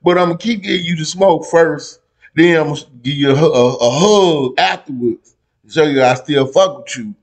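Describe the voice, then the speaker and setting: A man reacting to a debate clip with loose, foul-mouthed commentary. His voice sits a little high and he jumps between loud bursts and quiet remarks. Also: normal speed. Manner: animated and profane, swinging between loud outbursts and low asides. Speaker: reaction video host.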